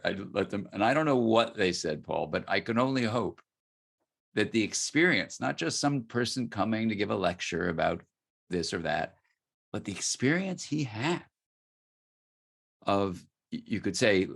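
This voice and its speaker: In an interview, an American guest expert answers with a story, speaking softly and sinking almost to a murmur. His voice is low-pitched with vocal fry.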